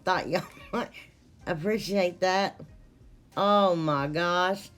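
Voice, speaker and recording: Woman, unhurried, self-deprecating, rambling DIY vlog chat. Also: fairly low pitch, fairly bright tone, soft background music. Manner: apologetic, laughing at herself, rambling. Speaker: DIY crafting vlogger. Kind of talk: casual crafting vlog narration.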